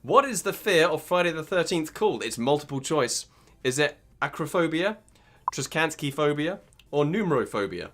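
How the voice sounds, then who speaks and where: A man's voice: on the high side, very animated, moderate pace, fairly bright tone. A British man hosting an online pub quiz, upbeat and teasing as he reads out questions and viewers' answers. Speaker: quiz host.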